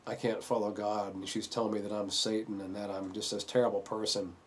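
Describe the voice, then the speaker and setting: A man earnestly telling a painful family story in a halting way, full of fillers. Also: fairly low pitch, level tone, a little hiss or hum. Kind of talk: personal testimony.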